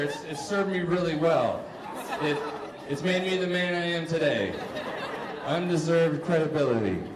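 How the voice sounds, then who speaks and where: Stand-up comic, male, self-mocking and exasperated, heard through a live stage echo with audience laughter. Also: sits high. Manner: self-mocking, acts out both sides of exchanges with rising exasperation. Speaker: stand-up comedian. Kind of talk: stand-up comedy set. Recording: roomy live stage sound from far off, crowd noise.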